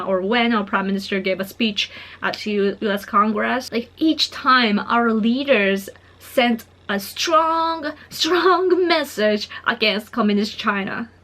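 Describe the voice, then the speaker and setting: A woman from Japan talking casually to her viewers, keeping a quiet monotone voice and filling her talk with "like" and "you know". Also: mid-range voice. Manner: monotone and soft-spoken, quiet so as not to disturb family; earnest, frequent fillers and small laughs. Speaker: political vlogger.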